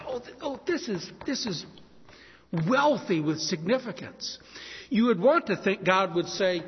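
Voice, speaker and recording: A man preaching a sermon, impassioned, swinging between hushed pleading and loud emphasis. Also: a little high, expressive, a little slow. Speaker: pastor. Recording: dull lo-fi sound in a reverberant hall.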